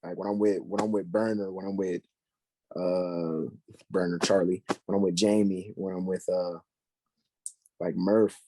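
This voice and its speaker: A man's voice: low voice, a little slow, background noise. A young man chatting casually on a podcast, slangy and full of fillers as he tells stories. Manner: slangy, filler-heavy, animated storytelling.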